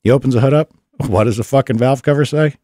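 A man's voice: mid-range voice, fast, dry recording, clean studio sound. A man hosting a casual car-racing podcast, telling stories in a loose, profane way. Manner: profane, animated storyteller. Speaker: podcast host. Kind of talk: casual chat. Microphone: studio mic.

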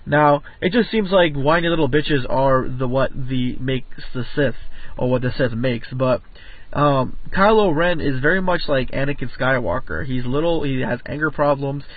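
A man's voice: medium pitch, normal speed, dry recording. A man giving a casual, rambling film review, full of fillers, restarts and swearing. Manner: rambling, filler-heavy, profane. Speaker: movie reviewer. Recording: tinny phone-like audio with faint music.

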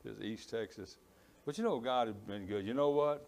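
A man's voice: mid-range voice, moderate pace, darkish tone. A man with a Cajun accent preaching a sermon in church. He has a strong voice and rambles, apologizes and stumbles over his words. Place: church in East Texas.

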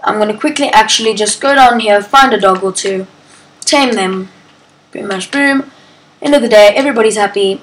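A woman's voice: mid-range voice, fairly quick, slight background noise, rough recording. A woman casually commenting on her gameplay, chatty and playful, breaking into sing-song chants and baby talk to her pets. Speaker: gaming channel host.

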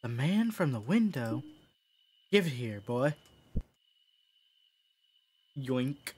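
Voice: mid-range voice, big pitch swings, very slow, a little mellow, a little hiss or hum. A streamer voicing a tired, hardworking mother in a horror game, with a put-on folksy drawl and a singsong chant. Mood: scolding. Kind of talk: game voice acting.

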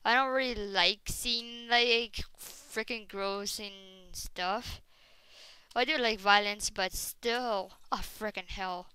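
A woman giving casual gameplay commentary, rambling with many fillers and breaking into excited shrieks and exclamations. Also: medium pitch, slow, clear, resonant tone, no echo, low-quality recording. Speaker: gaming video host.

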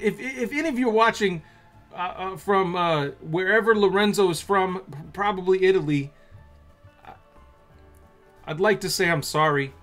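A man hosting a casual stock market video, reading news aloud and rambling excitedly between the lines. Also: high voice. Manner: excitable and rambling, with many restarts and asides.

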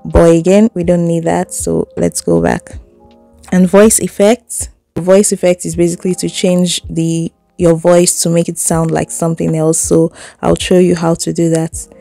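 A woman with a low, creaky, dark-toned voice talks unhurriedly through an editing tutorial, chatting step by step and letting out little laughs. She is seated indoors, recording on a phone, with faint music in the background, in the style of a casual screen walkthrough.

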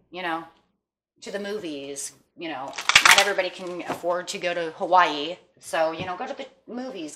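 A woman's voice: on the low side, sharp tone, slight background noise. A woman giving a casual tarot reading to her viewers, chatty and encouraging, often checking in with "okay?" and "you know". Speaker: tarot reader.

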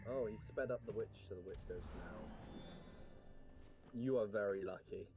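A man's voice: on the low side, normal speed, a little mellow, soft background music. A man playing a video game with friends, explaining the rules in a wry, self-mocking way. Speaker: gamer. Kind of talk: casual gaming chat.

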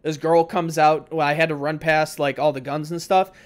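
A young podcast host with a voice on the high side, talking at normal speed, tells a story among friends. He's animated, swears freely, and acts out other people's voices.

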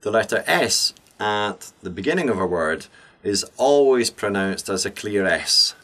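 A man presents a scripted English pronunciation lesson in a low voice. He moves slowly and deliberately, shaping each consonant with care so learners can copy him. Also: lively intonation, fairly bright tone. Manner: slow, deliberate, clearly enunciated.

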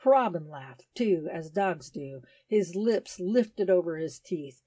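A woman reading a story aloud at a steady pace, lifting her voice when the characters speak. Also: fairly low pitch, slow, slightly rough, dry recording. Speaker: story reader. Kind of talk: scripted narration of a graded English reader.

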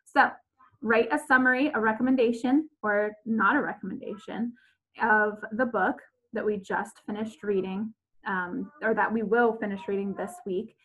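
A woman's voice: medium pitch, steady tone, normal speed, fairly bright tone, husky, low-quality recording. A woman teaching fourth graders in a remote class lesson, patient and repetitive, with frequent ums as she walks through each step.

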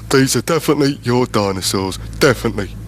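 A man reading as a brisk lost-property man. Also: medium pitch, noisy background, close to an everyday voice. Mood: friendly.

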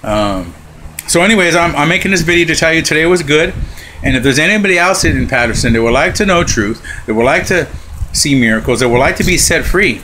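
A man's voice: a little high, expressive, fairly quick, sharp tone, slight background noise, low-quality recording. A man, a Christian minister, sharing a casual testimony video in a fervent, rambling way with many restarts and fillers.

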